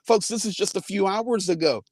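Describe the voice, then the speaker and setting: High-voiced earnest man, noisy car recording. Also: moderate pace. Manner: earnest storytelling, quoting others. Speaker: host. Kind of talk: live faith-based update. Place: inside a car.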